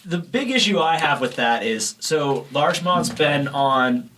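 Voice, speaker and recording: Exasperated, fairly high-voiced male podcast host. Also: expressive, a little slow, pushed and bright, slight background noise. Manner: exasperated, swearing rant. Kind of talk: casual podcast chat.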